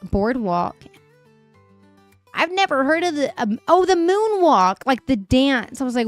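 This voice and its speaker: A young woman hosting a live stream speaks a little slowly in a high, very animated voice that sounds somewhat worn and fried. She reads viewer messages aloud and chats casually, laughing a lot, while faint music plays.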